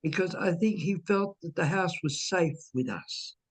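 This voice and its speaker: A woman slowly recounting a personal ghost story in casual conversation, hesitant, with fillers and repeated words. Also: on the low side, slightly rough. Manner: unhurried, dwelling on details. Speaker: medium telling her own ghost stories.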